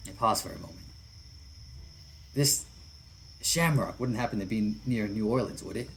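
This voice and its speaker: A man's voice: fairly low pitch, expressive, moderate pace, creaky, long pauses, a little hiss or hum, low-quality recording. A man reading a visual novel aloud, narrating with casual asides and chuckles. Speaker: visual novel let's player.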